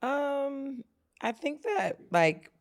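A woman's voice: high voice, very animated, drawn-out words. A woman in casual podcast chat, emphatic and restarting her sentences. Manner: emphatic, repeats herself mid-sentence.

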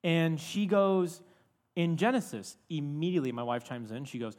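A young man telling a story in a casual, animated sermon, full of fillers and asides. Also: on the high side, normal speed. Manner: animated, chatty with many fillers. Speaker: preacher. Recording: reverberant hall.

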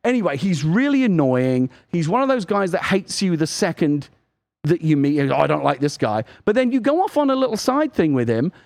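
A man co-hosting a video game podcast, telling animated stories in casual chat and acting out lines. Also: high voice, a little fast. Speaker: podcast co-host.

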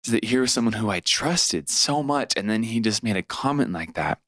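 A man's voice: on the low side, animated, moderate pace, fairly bright tone, no room sound. A man in his twenties from California, a podcast guest telling a personal story in conversation. He tells it with energy and acts out what other people said. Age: 20s.

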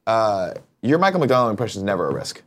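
A man's voice: on the low side, sing-song, quick pace. A young man co-hosting a casual morning show, teasing and bantering with his co-host. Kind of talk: casual chat.

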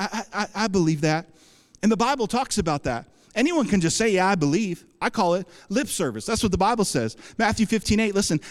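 Male pastor, high voice, fervent sermon delivery with questions to the crowd, long church reverb. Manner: impassioned, rising into bursts and dropping low, asks the congregation questions.

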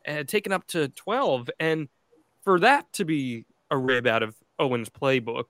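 A man's voice: mid-range voice, animated, a little slow, fairly bright tone, no room sound, clean studio sound. A man co-hosting a podcast, setting up long questions for his guest in a casual, conversational way. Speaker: podcast co-host, interviewer. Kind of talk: casual interview.

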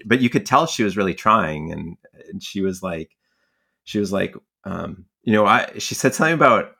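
A man's voice: lowish voice, lively intonation, fairly quick, creaky, bright, forceful tone. A young man telling stories casually in a conversation, rambling with many filler words and frequent laughs. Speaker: guest, fly angler and magazine writer.

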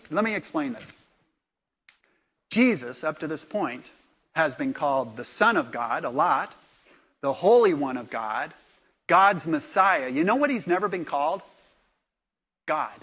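A man preaching a sermon in church, animated, jumping from quiet remarks to loud acted-out lines. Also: fairly high pitch. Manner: animated, acts out dialogue with sudden loud bursts. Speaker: pastor.

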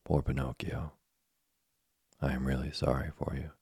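Calm preachy old cricket in a storybook, read by a man, very low gravelly voice, flat delivery. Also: normal speed, dry recording, studio quality, heavily acted. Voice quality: gravelly and husky. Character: patient old philosopher cricket, male.

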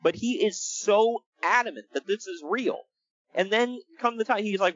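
A man co-hosting a casual podcast, talking in an animated, exasperated way and laughing often. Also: sits high, moderate pace, no echo, muffled recording. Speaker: podcast co-host. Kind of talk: casual wrestling podcast chat.

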